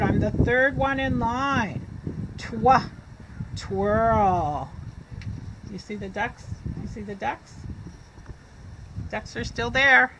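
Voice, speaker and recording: High bright-voiced woman teaching kids. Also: a little hiss or hum, low-quality recording. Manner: slow, clear and encouraging, sounding out words for young kids. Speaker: reading teacher. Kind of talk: children's reading lesson and sing-along.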